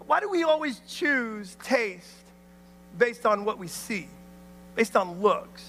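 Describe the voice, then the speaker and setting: A man preaching a sermon, an animated storyteller who acts out voices and calls out to the crowd. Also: extremely high pitch, takes it slowly, long reverb tail. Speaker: pastor.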